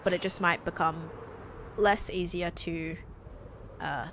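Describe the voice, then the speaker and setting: A woman's voice: lowish voice, takes it slowly, background noise. Chatty Australian woman streamer. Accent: Australian, drifting toward American. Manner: chatty, rambling, many "like"s. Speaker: game streamer. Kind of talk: casual live-stream chat.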